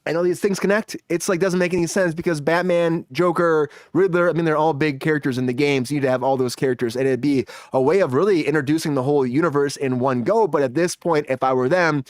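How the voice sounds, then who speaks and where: A man's voice: on the high side, fast, few pauses, no room sound. A man hosting a live entertainment news show, speculating with enthusiasm in casual chat.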